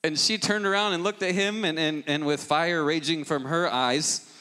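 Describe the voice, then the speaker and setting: A man preaching a sermon as lead pastor, moving from a family story to forceful exhortation. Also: on the high side, fairly even intonation, moderate pace. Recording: long hall reverb with loud music beneath. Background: loud guitar music.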